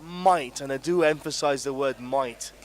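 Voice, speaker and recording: A man co-commentates on an indoor cricket match. His voice is fairly high-pitched, and he asks his partner questions. He reacts to each ball with upbeat enthusiasm. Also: moderate pace. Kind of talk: live sports commentary.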